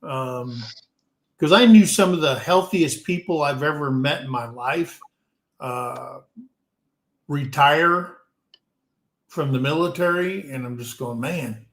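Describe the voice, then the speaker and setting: A man's voice: on the high side, takes it slowly, long pauses, a bit bright. A man from the United States hosting a casual live-stream chat, rambling along with plenty of ums and restarts. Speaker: show host. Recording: roomy echo.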